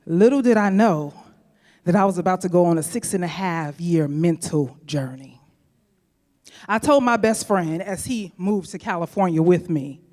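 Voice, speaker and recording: Woman storyteller, mid-pitched, talks right to the crowd, long hall reverb. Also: expressive, normal speed. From St. Louis, USA. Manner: chatty, addresses the audience directly. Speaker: storyteller, speaker. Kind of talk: live personal storytelling. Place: event venue stage.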